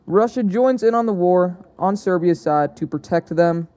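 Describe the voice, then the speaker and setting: Smooth and dark in tone, this young man's high voice moves at a normal speed as he narrates an alternate-history map video. He's chatty and hesitant, frequently stopping to correct himself.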